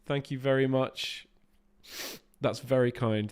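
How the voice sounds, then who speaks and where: A man's voice: medium pitch, unhurried. A man, a voice actor, chatting casually with his stream viewers while playing a game, swearing freely as he answers their questions.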